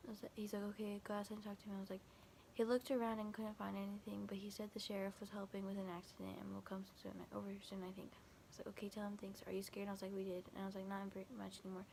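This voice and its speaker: A young woman recounts a frightening night in a loose, rambling storytime, forever quoting what was said with "I was like." Her voice stays flat in pitch and has a gravelly fry. A faint ambient hiss sits behind her. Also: rapid-fire, hardly any pauses. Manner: quotes texts with constant "I was like", "he's like"; rambling, filler-heavy, frequent restarts. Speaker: vlogger. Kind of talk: casual storytime retelling.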